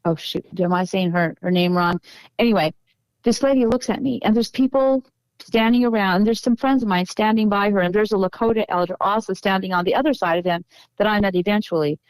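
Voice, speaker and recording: Female interview guest, earnest and emotional storyteller, clear voice, dry close sound. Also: medium pitch, a little fast, no echo, rough recording. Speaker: podcast guest.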